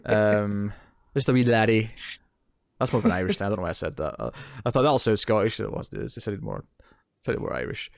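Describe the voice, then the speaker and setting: A man's voice: lowish voice, sing-song, brisk, creaky, no room sound, clean studio sound. A man in his thirties, co-hosting a casual film discussion, rambling and joking at his own expense. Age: 30s. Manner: rambling, self-deprecating, joking. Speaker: co-host.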